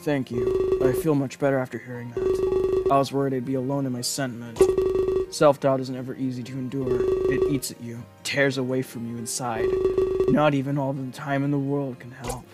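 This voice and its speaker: A man reading the lines of an earnest, worried male bodyguard in a visual novel, in a plain, soft-spoken way. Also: medium pitch, little pitch movement, normal speed, lightly acted. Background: background game music.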